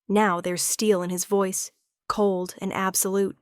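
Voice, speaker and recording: A woman narrates a romance story in a measured, dramatic way, keeping her pitch flat and even. Her voice is recorded on a close mic and sounds dry, with no room echo. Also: clear, resonant tone.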